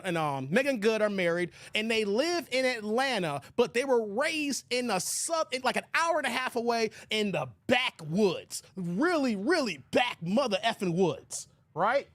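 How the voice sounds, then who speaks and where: A man hosting a live stream in a casual commentary style, reading out viewer chat and reacting loudly. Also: very high voice, dry recording, clean studio sound. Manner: animated, exclamatory, reads viewer chat aloud.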